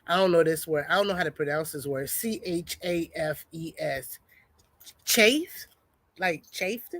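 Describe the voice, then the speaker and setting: A woman chatting casually on a homestead livestream, greeting viewers and reading a product label aloud haltingly. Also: deep voice, dry recording.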